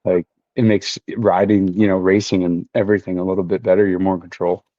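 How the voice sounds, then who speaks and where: A man's voice: sits low, brisk, no room sound, muffled recording. A man who races motorcycles, a guest talking casually and easily with many fillers. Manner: relaxed, many fillers like "you know". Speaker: podcast guest, motorcycle racer. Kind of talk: casual conversation.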